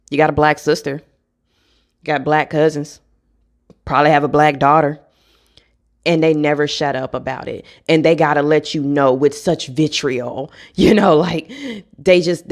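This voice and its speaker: Blunt low-voiced woman ranting on vlog. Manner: blunt, frustrated, profane, laughs between points. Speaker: vlogger. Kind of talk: candid vlog rant.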